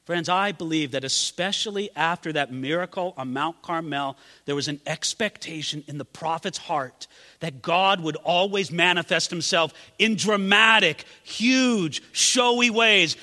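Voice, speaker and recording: A high, bright male preacher delivers a sermon in a big hall with a long reverb tail. His voice climbs to ringing exclamations, then drops to hushed, intimate lines. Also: lively intonation, moderate pace. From California. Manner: dramatic, swings from loud exclamations to hushed near-whispers. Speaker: pastor.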